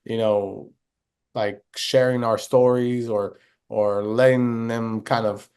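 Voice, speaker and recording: A man co-hosting a casual podcast as a fan group leader, speaking frankly in halting phrases full of fillers. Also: mid-range voice, fairly even intonation, darkish tone, smooth.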